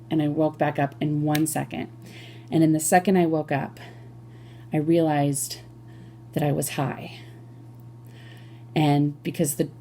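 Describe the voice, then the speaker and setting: A woman performing a confessional comic story in a chatty way, full of "like" and quick self-corrections. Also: deep voice, mellow. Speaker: solo performer.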